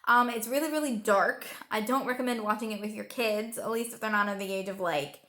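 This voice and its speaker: A woman's voice: medium pitch, brisk, bright, forceful tone. A young woman giving a casual, rambling movie review. She retells the plot emotionally, with lots of fillers, and sounds tired.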